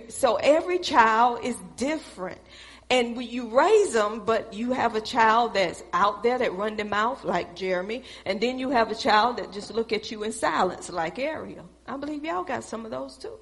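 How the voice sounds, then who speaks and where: A middle-aged woman telling a preached testimony, speaking in an animated storytelling way and calling out to her audience. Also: high voice, moderate pace.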